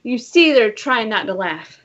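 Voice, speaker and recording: Lively, teasing female co-host. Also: fairly high pitch, measured pace, muffled recording. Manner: teasing, chatty. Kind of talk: casual livestream chat.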